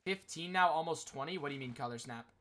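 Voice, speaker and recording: A man's voice: fairly high pitch, fast talker, pushed and bright, a little hiss or hum. A man streaming casually and talking to his chat, rambling with lots of "like" fillers. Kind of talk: casual livestream chat commentary.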